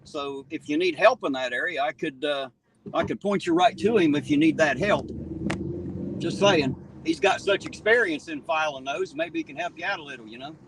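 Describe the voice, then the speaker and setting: A livestream host reads viewer chat and greets people by name, chatting and joking outdoors at night on a town street after rain. His voice is on the high side and expressive, at a moderate pace. The mic is slightly distant, with faint street noise.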